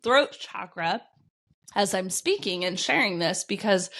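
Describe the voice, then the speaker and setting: Woman podcaster and business coach, blunt and energetic, casual swearing, a cold's cough in the throat. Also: medium pitch, slow. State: getting over a cold, coughing. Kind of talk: solo podcast monologue.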